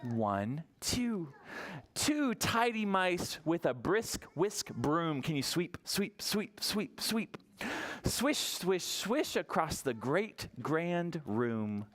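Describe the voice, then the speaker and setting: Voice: mid-range voice, very animated, fairly bright tone. A children's librarian reading a picture book aloud to toddlers, coaxing and sing-song, counting along and asking the little ones questions. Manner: counts aloud slowly and playfully.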